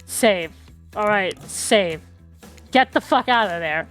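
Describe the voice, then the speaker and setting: A woman's voice: medium pitch, lively intonation, slow, fairly bright tone, faint music behind. A woman streamer chatting casually and sarcastically while playing a dating game.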